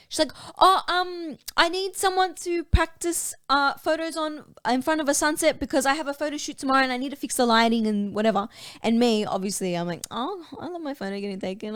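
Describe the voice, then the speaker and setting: A woman telling a story in a casual podcast chat, lively and acting out the quotes. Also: fairly high pitch. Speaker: podcast guest.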